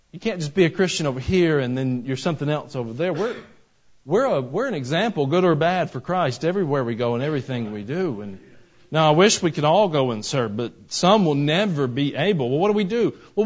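A man preaching a sermon in a church, telling folksy stories and rising to loud, emphatic bursts. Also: a little high, big pitch swings, brisk. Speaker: pastor. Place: church sanctuary. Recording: slightly dull lo-fi sound.

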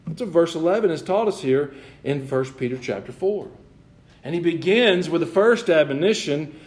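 A man preaching in church. His voice sits a little high, and he swings between emphatic declarations and relaxed, joking asides to the congregation. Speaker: pastor. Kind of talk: sermon.

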